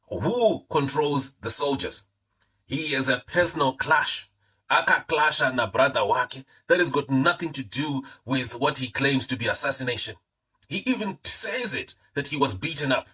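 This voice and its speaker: A man's voice: medium pitch, bright, forceful tone, husky, poor audio. A man with a Zimbabwean accent giving heated live-stream political commentary, repeating his points and mixing in Shona phrases.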